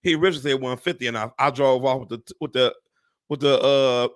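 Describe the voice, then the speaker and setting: A man who works as a real estate agent, chatting casually to viewers on a live stream, animated and exclamatory, swearing and talking straight to "y'all". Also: mid-range voice, quick pace.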